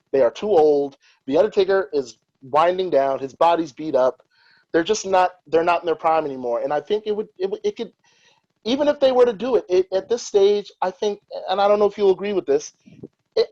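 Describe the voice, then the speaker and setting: A man's voice: fairly high pitch, darkish tone, highs cut off. A man hosting a podcast, in casual chat, telling stories with animation and strong opinions. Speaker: podcast host.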